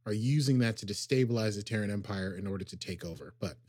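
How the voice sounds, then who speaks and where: A man co-hosting a podcast, casually recapping an episode with lots of fillers and quick acted quotes. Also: on the low side, a little mellow, no room sound, clean studio sound. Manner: rambling, filler-heavy summarizing with acted quotes. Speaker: podcast co-host.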